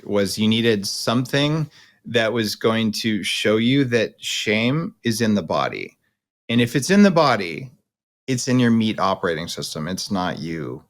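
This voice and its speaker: Male podcast host, low-pitched, blunt, emphatic coaching talk. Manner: blunt, emphatic explainer with casual slang. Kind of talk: coaching conversation.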